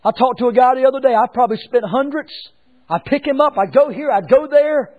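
A man preaching a sermon as pastor, swinging between hushed lines and shouted ones. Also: very high voice, fairly quick, narrow, tinny audio.

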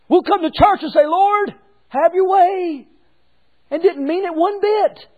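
A man preaching a sermon as pastor, swinging between hushed lines and shouted ones. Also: very high-pitched, phone-quality sound.

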